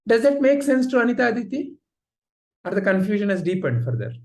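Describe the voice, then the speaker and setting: A man teaching an online class, telling a story in a lively, conversational way over a video call. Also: high voice, fast.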